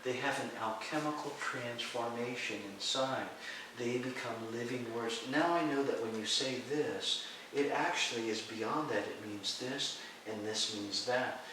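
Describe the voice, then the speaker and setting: A man, a teacher of Taoist mysticism, telling a story in an interview and acting out the voices in it, sometimes with a high shout. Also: a little slow. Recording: echoey room, distant mic, faint hiss.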